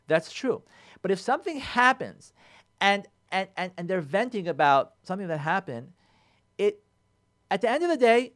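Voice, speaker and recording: A man, a rabbi, giving marriage advice on a radio show in an animated way, repeating phrases and mixing in Hebrew terms. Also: high voice. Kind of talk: radio talk. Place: radio studio.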